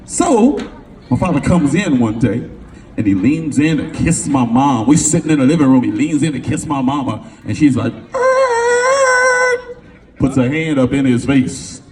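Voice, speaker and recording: A middle-aged man from California, a motivational speaker telling a personal story to a live audience in an animated, slangy way, acting out the voices of the people in it. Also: mid-range voice, normal speed. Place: event venue before an audience. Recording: distant mic with faint room noise.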